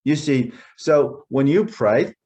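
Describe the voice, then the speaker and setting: A male pastor delivers a sermon at an unhurried, measured pace. His pitch sits in an ordinary middle range. He stresses key phrases and repeats them for emphasis. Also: lively intonation, warm tone. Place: church.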